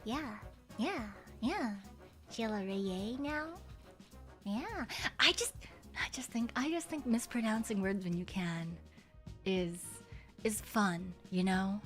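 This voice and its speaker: A woman's voice: medium pitch, animated, takes it slowly, long pauses, fairly bright tone, faint music behind. A young woman streamer in casual chat with her viewers, loose and giggly, swearing freely and humming while she reads chat. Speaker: VTuber streamer chatting with viewers.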